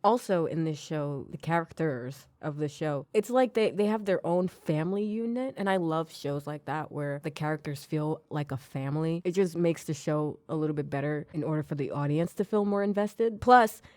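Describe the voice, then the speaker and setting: A woman with a notably low voice talks casually on her solo podcast. She rambles a bit, restarts sentences and giggles between points. The recording is dry and close, with no room sound. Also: normal speed, few pauses, a little mellow, no room sound. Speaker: podcast host.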